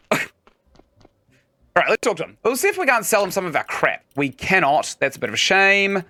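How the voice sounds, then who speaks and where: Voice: medium pitch, very animated, moderate pace, pushed and bright. A game streamer giving casual let's-play commentary, chatting and explaining mechanics while playing.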